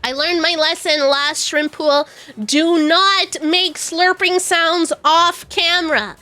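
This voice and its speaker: Casting note: young woman streamer, high and bright, rambling and self-deprecating chat, soft music behind. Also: fairly even intonation, slow. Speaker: VTuber streamer.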